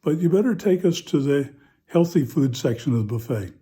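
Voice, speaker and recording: A fretful, grumbling older golfer, as a priest acts him out in a homily joke. The tone is very dark and mellow but pitched a bit high. He frets and complains through his lines. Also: lively intonation, fairly quick, husky. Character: fussy older husband and golfer newly arrived in heaven.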